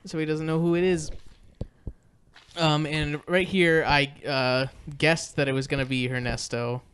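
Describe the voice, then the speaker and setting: A man's voice: fairly high pitch, level tone, unhurried, a bit bright, smooth. A man co-hosting a podcast, recapping a movie in casual chat, rambling with lots of fillers and restarts. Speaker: podcast co-host.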